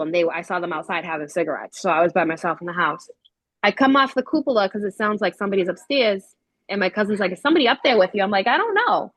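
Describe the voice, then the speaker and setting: A woman's voice: medium pitch, no echo, rough recording. Chatty woman telling ghost stories. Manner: animated, acts out quoted voices with many fillers. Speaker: paranormal investigator. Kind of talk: casual storytelling.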